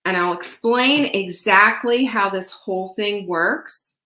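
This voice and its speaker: A woman's voice: mid-range voice, slow pace, bright, forceful tone, reverberant, rough recording. A woman hosting a live sales stream from home, chatty and rambling, getting teary and full of fillers and restarts. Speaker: livestream host selling supplements. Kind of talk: casual live sales chat.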